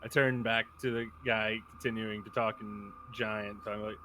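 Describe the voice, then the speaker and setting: A man playing a tabletop game, chatting in an animated, joking way. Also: lowish voice, moderate pace, slight background noise. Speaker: player. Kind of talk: casual tabletop game chat.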